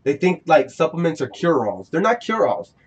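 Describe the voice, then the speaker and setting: A man's voice: a little high, big pitch swings, moderate pace, dull audio. A man hosting a casual podcast, rambling and preachy, often restarting his sentences. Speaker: podcast host.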